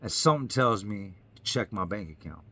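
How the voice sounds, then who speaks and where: A man's voice: on the low side, animated, a little fast, bright, forceful tone, husky. A man, a YouTuber, telling his own story in an earnest, emphatic way, repeating lines for effect. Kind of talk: personal storytelling to camera.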